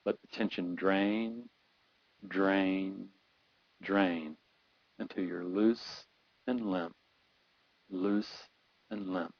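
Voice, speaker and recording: Middle-aged male coach, guided visualization, low pitch, slow soothing repetition, muffled dry recording. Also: fairly even intonation, no echo. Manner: slow soothing guidance that builds to urgent intensity, repeating phrases. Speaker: performance coach.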